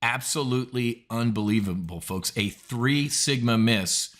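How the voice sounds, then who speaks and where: A man's voice: medium pitch, a little slow, fairly bright tone. A man hosting an options trading show, giving blunt, indignant market commentary with emphatic outbursts.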